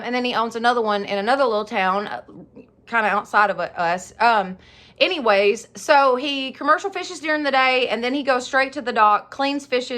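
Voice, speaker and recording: Bright chatty woman vlogging. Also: on the high side. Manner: chatty and rambling, laughs often. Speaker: YouTuber of a home decor channel. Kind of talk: casual Q&A vlog.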